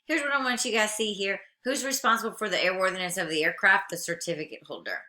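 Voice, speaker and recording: A woman's voice: mid-range voice, animated, fast talker, bright, forceful tone. A woman instructor giving a recorded lecture, reading regulations aloud and then explaining them plainly to her students. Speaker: aviation instructor.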